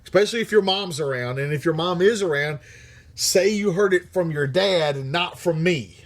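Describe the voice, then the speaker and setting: A man's voice: high-pitched, moderate pace. A middle-aged man hosting a livestream, reading viewer comments aloud in a blunt, profane manner and laughing often. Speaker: livestream host.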